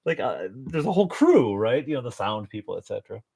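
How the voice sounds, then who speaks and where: A man's voice: medium pitch, big pitch swings, a little fast, vocal fry, dark tone, husky. A man chatting casually to his viewers while painting at home, joking about himself and chuckling often. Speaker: painting vlogger.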